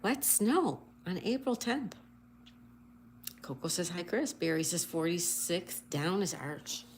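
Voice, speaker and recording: A woman whose voice is on the low side, expressive and slow, with a little hiss or hum audible. As a relaxed livestream host, she welcomes viewers by name, reads their messages aloud, and spells crossword answers letter by letter.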